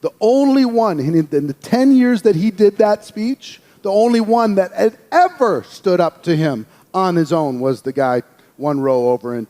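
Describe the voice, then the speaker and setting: A man telling a personal story in a lively speaking style, acting out the voices of the people in it. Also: on the high side, long reverb tail. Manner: animated, acts out quoted voices. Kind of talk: storytelling speech.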